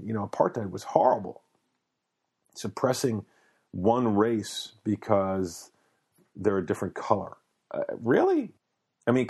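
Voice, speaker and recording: An American talk show host with a lowish, husky voice, musing aloud at length. He rambles loosely, piling up fillers, repeats and restarts as he goes. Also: darkish tone. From United States. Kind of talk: casual monologue.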